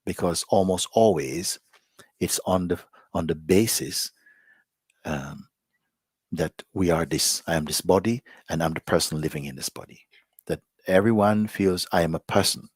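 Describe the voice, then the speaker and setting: A man as a spiritual teacher, giving a reflective, unhurried satsang talk to a live gathering and often softening almost to a whisper. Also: low voice, slightly rough, dry recording, studio quality.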